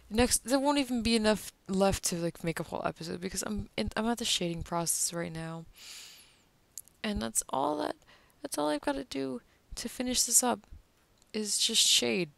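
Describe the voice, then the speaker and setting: A woman's voice: medium pitch, gravelly, no room sound. A drunk woman rambling casually as she draws, her speech slurring, often cursing and trailing off into murmurs. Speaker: artist vlogger drawing on camera. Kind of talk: rambling casual commentary while drawing.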